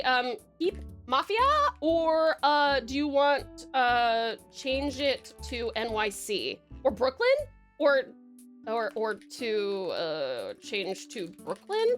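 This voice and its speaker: A woman livestreaming, chatting casually with her viewers, giggling often and filling pauses with ums. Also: sits high. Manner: giggly, chatty, warm toward chat, many fillers.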